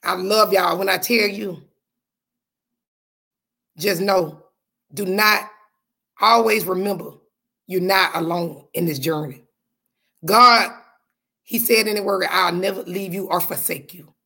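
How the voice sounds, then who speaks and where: Husky fervent woman podcast host. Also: fairly low pitch, slow pace, long pauses, sharp tone. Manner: fervent, repetitive, preacher-like cadence. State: voice going hoarse. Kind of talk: spirited faith talk to listeners.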